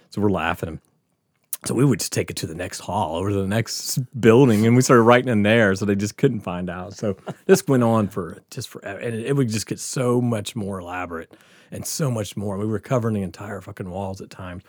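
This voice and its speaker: A man's voice: on the low side, lively intonation, brisk, no room sound, studio quality. A man casually telling a profane, laughing story from his school days on a podcast.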